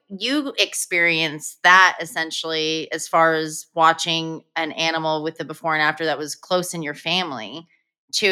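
A woman's voice: lowish voice, sharp tone, clean tone. A woman hosting a casual podcast, talking thoughtfully with hesitant restarts. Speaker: podcast host.

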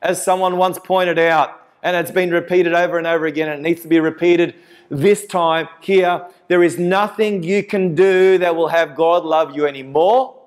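Man, preacher, sermon, emphatic, repeats phrases, fairly high voice. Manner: emphatic, repeats phrases, rising passionately then dropping soft.

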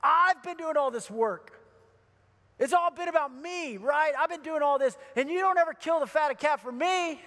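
A man's voice: very high-pitched, slow, hardly any pauses, a bit bright, exaggerated voice. A man preaching and voicing a resentful older brother complaining to his father, in an echoey hall. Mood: indignant. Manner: indignant, complaining.

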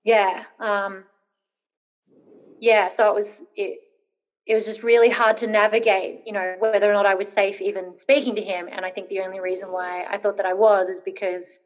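A woman's voice: medium pitch, level tone, moderate pace. A woman in her thirties, an interview guest telling a personal story, hesitant with many ums and rambling when nervous.

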